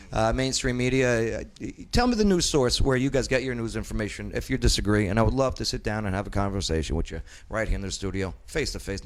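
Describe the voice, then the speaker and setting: Male talk show host, studio chat, lively up-and-down delivery, stammers and restarts, opinionated. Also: fairly low pitch. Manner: animated, repeats words, frequent stammering restarts.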